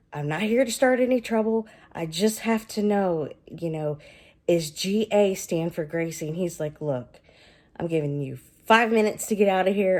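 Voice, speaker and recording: A woman with a Southern US accent casually reviewing a book, retelling the story with animated quoted voices. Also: sits low.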